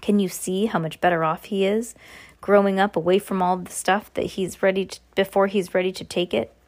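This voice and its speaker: A woman voicing a calm, wise old male wizard headmaster who speaks gently but firmly. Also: mid-range voice, a little fast, lightly acted. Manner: gentle, firm.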